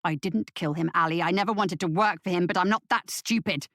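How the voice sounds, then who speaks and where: A woman voicing a guilt-ridden working-class father and former drinker, gruff and defensive. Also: sits high, a little fast, fairly bright tone, no room sound, studio quality, pitched below the performer's own voice. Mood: indignant.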